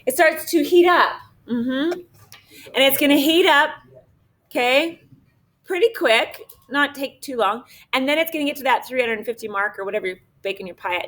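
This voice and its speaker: High-voiced chatty woman teacher, echoey room. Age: middle-aged. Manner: chatty, lively, often checks in with 'okay?'. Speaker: math teacher. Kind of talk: animated classroom storytelling and teaching. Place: classroom. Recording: echoey classroom recorded from a distance.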